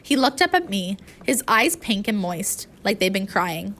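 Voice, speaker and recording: A woman reading a first-person audiobook aloud, with an emotional, expressive telling. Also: mid-range voice, unhurried, a little hiss or hum. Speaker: audiobook narrator.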